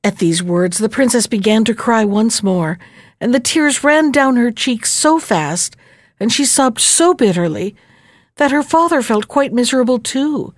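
A woman narrating a fairy tale in a gentle, measured reading voice. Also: a little high, animated, no echo, clean studio sound.

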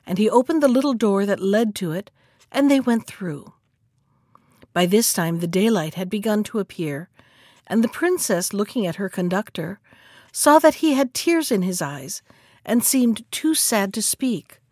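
A woman narrating a fairy tale in a calm, measured reading voice. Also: mid-range voice, dry recording, studio quality. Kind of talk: scripted storybook narration.

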